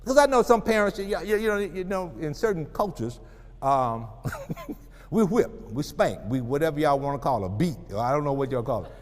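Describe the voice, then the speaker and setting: Speaking at a normal pace in a slightly high voice, this male parenting speaker gives a motivational talk at a family expo. He's humorous and animated like a preacher, calling out to parents for responses, while the hall echoes.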